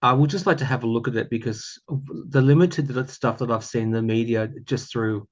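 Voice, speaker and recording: A man's voice: medium pitch, steady tone, moderate pace, dull audio. An Australian man chatting casually to camera, rambling with many fillers and restarts. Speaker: tarot YouTuber.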